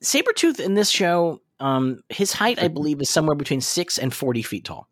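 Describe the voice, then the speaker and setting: Laughing, excitable man, bouncy pitch. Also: normal speed, no room sound, clean studio sound. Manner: laughs a lot, profane, excitable. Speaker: podcast co-host. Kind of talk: casual chat recapping a cartoon.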